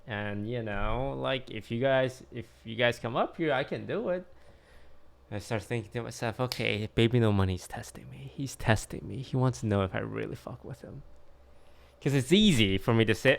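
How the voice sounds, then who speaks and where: Guy streamer w a gravelly rough voice, crude jokey chat. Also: medium pitch, lively intonation, normal speed. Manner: joking, crude banter. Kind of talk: casual chat.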